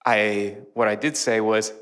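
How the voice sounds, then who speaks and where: A man in his thirties preaching a sermon in church, telling lively stories with quick laughs and voices. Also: fairly low pitch. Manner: animated storytelling, quick laughs, mimics voices. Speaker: pastor.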